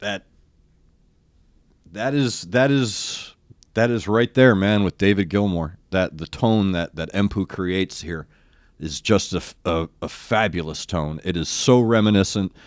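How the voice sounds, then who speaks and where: An older man, a former rock radio DJ, hosting a reaction video, effusive and earnest, often halting and restarting his sentences. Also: deep voice, dry recording, studio quality. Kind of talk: reacting to a live concert video.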